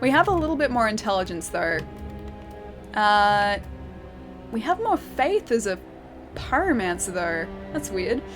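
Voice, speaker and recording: A woman's voice: mid-range voice, big pitch swings, a little slow, pauses often, music in the background. A young Australian woman chatting casually while livestreaming a game, giggling often and answering her chat. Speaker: streamer. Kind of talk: live game stream chat.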